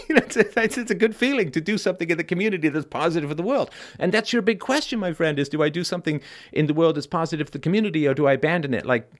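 Blunt, emphatic middle-aged man hosting a call-in show. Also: fairly high pitch. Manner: emphatic and blunt, swears, keeps asking "right?". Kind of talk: conversational call-in monologue.

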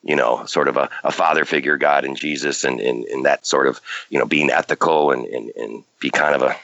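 A male caller on a phone-in show who talks haltingly, with many restarts. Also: extremely low pitch, fairly even intonation, vocal fry, a bit bright, no echo, muffled recording. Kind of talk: phone call-in conversation.

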